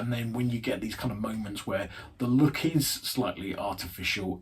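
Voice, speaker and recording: Husky man rambling through a film review. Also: lowish voice. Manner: rambling, full of fillers and hedges.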